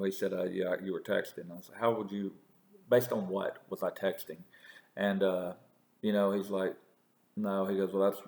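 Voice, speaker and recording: A man's voice: low-pitched, creaky, darkish tone, reverberant. A man talking in a casual, rambling monologue, full of restarts and swearing. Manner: rambling storyteller with many restarts and profanity. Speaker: political commentator.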